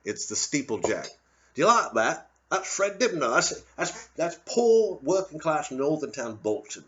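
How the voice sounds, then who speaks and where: A man's voice: on the high side, sing-song, a little slow, fairly bright tone. A man doing a profane, sardonic ranting monologue as a comedian. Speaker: comedian doing a solo show. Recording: slightly dull lo-fi audio.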